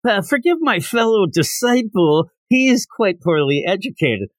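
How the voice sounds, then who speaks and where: A sly little monk boy talking his way out of awkward moments, as a man reads him. The pitch sits a bit high and swings around, recorded dry and close. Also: sing-song, moderate pace, dry recording. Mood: sly smooth. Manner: sly, smoothing things over. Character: sly bald boy monk, smooth talker.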